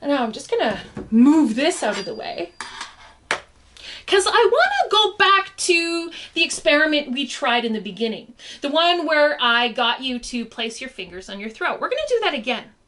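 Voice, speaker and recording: A woman's voice: sits high, big pitch swings, normal speed, fairly bright tone. A young adult woman teaching a science lesson for children in a playful, encouraging way, often asking the viewer questions. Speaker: science educator.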